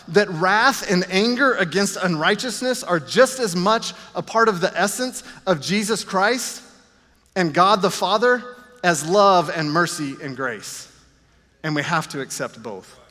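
A man's voice: fairly high pitch, a bit bright, big-room sound. A man preaching a sermon, earnest with self-deprecating asides. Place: church.

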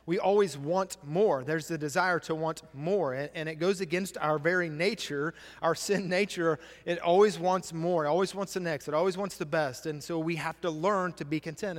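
A man's voice: on the high side, in a large hall. A male pastor giving a sermon, repeating key phrases and asking the congregation questions. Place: church sanctuary.

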